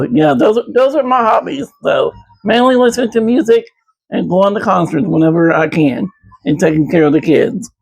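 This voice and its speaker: A man from Ohio answering a viewer question in a halting, casual way. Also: high voice, vocal fry, a little hiss or hum, low-quality recording. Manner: halting, searching for words. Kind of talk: casual Q&A chat.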